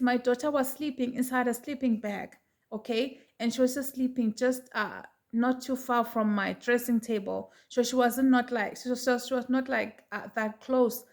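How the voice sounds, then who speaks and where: Chatty woman telling a story to viewers. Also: a little high. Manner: chatty, animated, addresses viewers directly. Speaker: vlogger telling a personal story. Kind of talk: casual storytelling to camera.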